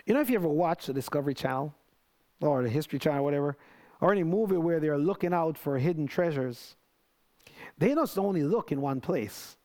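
A man preaching a sermon in an earnest, conversational way, with many restarts and lively quoted prayers. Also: fairly high pitch, a little fast.

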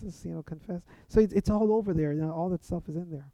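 Mellow-voiced man teaching about prayer. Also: a little high, quick pace, hardly any pauses, dry recording. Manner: earnest, speaks example prayers aloud. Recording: dull, lo-fi sound.

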